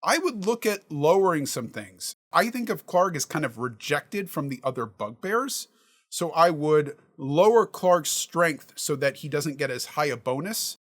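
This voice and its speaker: Dungeon master, male, casual teaching tone, thinks out loud, slightly high voice. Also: animated, unhurried. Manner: thinks aloud, reasons through examples. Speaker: dungeon master giving prep advice. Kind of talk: casual instructional talk.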